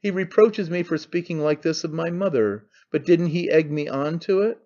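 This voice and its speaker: A man's voice: on the high side, moderate pace, mellow, dull audio, close to an everyday voice. A man voicing a brash young man who mocks his father in an offhand, needling way. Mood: scornful. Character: young man, mocking, cynical, brash son.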